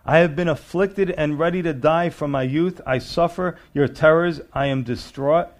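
This middle-aged preacher, a little high-voiced and moderately paced, reads scripture aloud while teaching his sermon one verse at a time. He talks conversationally and throws rhetorical questions to his listeners.

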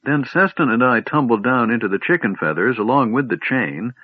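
A man voicing an eager, chatty male kender who tells tales excitedly and stammers at times. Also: mid-range voice, a little fast, husky, no room sound. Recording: tinny phone-like line, dry.

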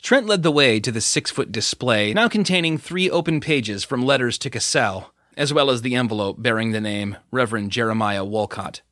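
Bright-voiced male audiobook narrator. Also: medium pitch, normal speed, few pauses, no echo, studio quality.

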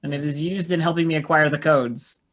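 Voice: mid-range voice, fairly even intonation, fairly quick, a bit bright. A player in a casual tabletop role-play, easygoing and chatty, hedging with phrases like "sort of".

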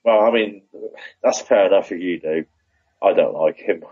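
A man co-hosting a podcast, giving measured, opinionated takes in casual chat about a TV show. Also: low voice, breathy edge, dry recording, narrow, tinny audio. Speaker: podcast co-host.

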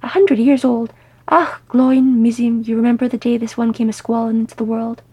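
A woman's voice: fairly high pitch, brisk, vocal fry, husky, dry recording, lo-fi sound. A woman voicing a boisterous, slightly drunk old male dwarf healer who roars effusively.

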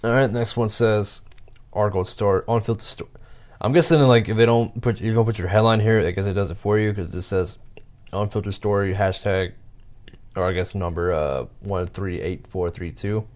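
A man with a somewhat low voice reads stories aloud in a casual, halting way. He pauses with fillers and chuckles as he adds his own remarks. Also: a little mellow. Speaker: vlogger reading stories aloud. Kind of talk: casual reading with commentary.

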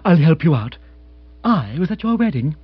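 Jill Wyvern, a man voicing a brisk young woman. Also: fairly high pitch, sing-song, husky, no echo, full character voice. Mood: amused, frank. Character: brisk lively young woman, bright and practical. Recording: dry, slightly dull audiobook.

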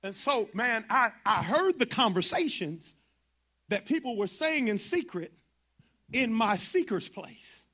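A man's voice: very high voice, sing-song, unhurried, sharp tone. A man preaching a sermon to his congregation, impassioned and colloquial, driving his points home through repetition.

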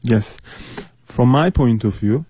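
A man's voice: medium pitch, takes it slowly, dark tone, slightly rough. A man from Turkey, a guest on a radio interview, speaking earnestly with many hesitations. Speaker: studio guest. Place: radio studio.

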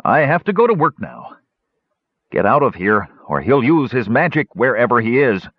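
A man's voice: mid-range voice, very animated, slightly rough, dry recording, voice pushed up. A man voicing a big, fearful, simple-minded male dwarf who speaks in frightened, childlike bursts. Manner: frightened, halting, childlike speech. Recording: dull lo-fi audio.

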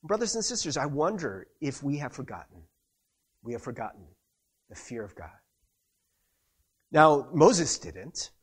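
A man's voice: on the high side, very animated, a little slow, pauses often, breathy edge. A man preaching a conversational sermon as a pastor, chatty, with many fillers, and acting out the quotes he tells.

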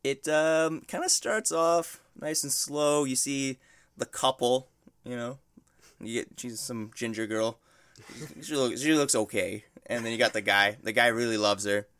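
A man at an average pitch tells a movie plot in a loose, rambling way, laughing as he goes and acting out little quotes. The sound is dry and close, with no room echo. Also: measured pace, fairly bright tone, clean tone. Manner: rambling storytelling, laughs often, acts out quotes. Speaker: guest describing a movie. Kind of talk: casual podcast chat.

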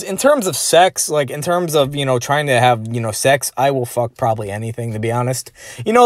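A man's voice: mid-range voice, dry recording, studio quality. A man vlogging in a rambling, crude and profane way, padding his talk with filler phrases. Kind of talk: rambling personal monologue.

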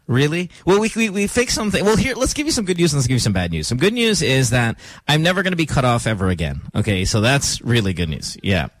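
A man hosting a morning radio show in a studio, talking casually in an animated, joking, playfully dramatic way. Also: mid-range voice, fast, few pauses, no echo. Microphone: studio microphone.

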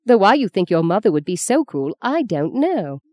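A woman reading aloud and voicing a stern, commanding elderly grandmother with a brisk, precise way of speaking. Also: medium pitch, sing-song, darkish tone, voice pushed up, lightly acted. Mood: scolding. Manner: brisk, precise, lightly scolding.

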